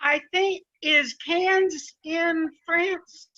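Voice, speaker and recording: A woman taking part in an online class over a video call, speaking in an unsure, halting way. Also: very high-pitched, fairly even intonation, sharp tone, lo-fi sound. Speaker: class participant.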